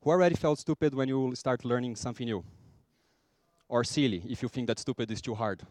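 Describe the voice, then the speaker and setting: A man with a Brazilian accent giving a lively conference talk, acting out small scenes and joking with the audience. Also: medium pitch, fairly quick, dry recording, studio quality. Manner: lively, acts out little scenes and jokes with the audience. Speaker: conference speaker.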